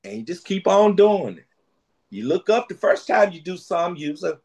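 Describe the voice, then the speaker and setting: A man preaching a sermon, lively and preacherly, repeating phrases for emphasis. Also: sits high, moderate pace.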